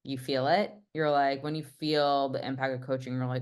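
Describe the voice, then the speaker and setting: A woman's voice: extremely low pitch, fairly even intonation, fast, hardly any pauses. A woman hosting an interview who speaks casually and often affirms her guest with "yeah.". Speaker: interviewer, host.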